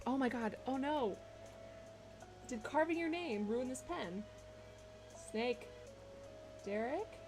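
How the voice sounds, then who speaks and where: A woman's voice: high-pitched, expressive, slow, pauses often, over music. A young woman streaming from her bedroom, rambling, joking and swearing a lot as she chats. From United States. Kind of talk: casual live-stream chat.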